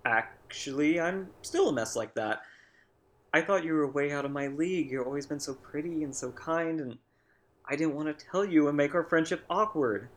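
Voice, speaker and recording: A woman voicing a gentle, earnest young man in a lowered, soft voice. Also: normal speed, lightly acted. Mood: sincere.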